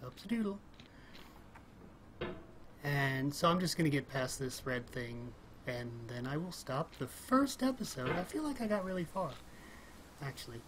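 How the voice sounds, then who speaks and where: A casual gamer talking through a frustrating climbing game, rambling and thinking out loud, often breaking into small laughs and sudden exclamations. The voice sits at an ordinary middle pitch. A clear, steady hiss runs under the recording from a home desk mic. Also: moderate pace. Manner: chatty, thinks aloud, rambles, frequent little laughs and exclamations. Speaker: let's play gamer.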